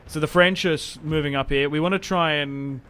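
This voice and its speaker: Over footage of his own strategy game, a young man running a gaming channel jokes and chats casually, often cutting himself off and restarting. His voice is fairly high, bright, and clean, with a steady tone and a slightly fast pace.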